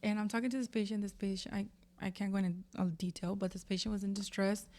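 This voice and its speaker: Young woman, casual podcast co-host, candid and emotional, drops Spanish words and curses, mid-pitched voice. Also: flat delivery, quick pace, a little mellow. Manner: candid, emotional storytelling, swears freely; mixes Spanish words into English. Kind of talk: casual chat.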